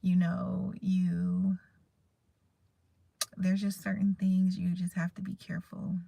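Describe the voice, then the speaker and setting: A woman's voice: lowish voice, monotone, slow, creaky, warm tone, no room sound. A woman in her thirties, vlogging in a candid, emotional, rambling way and chatting casually to her viewers. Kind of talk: casual heartfelt chat to camera.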